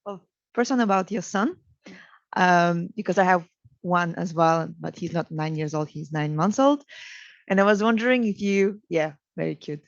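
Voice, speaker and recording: Woman, audience question, hesitant, searching for words, lowish voice, dull sound. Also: normal speed, no echo. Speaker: audience member asking a question.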